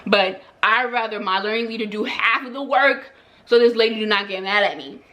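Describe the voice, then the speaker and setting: A woman's voice: mid-range voice, a little fast, bright, forceful tone. Chatty young woman telling a story. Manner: chatty, lots of "like" and repeats. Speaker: hairstylist and vlogger. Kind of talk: casual storytime.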